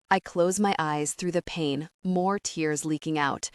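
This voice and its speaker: A woman's voice: low voice, a little slow, hardly any pauses, clear, resonant tone, dry recording, studio quality. Intense woman narrating a romance audiobook.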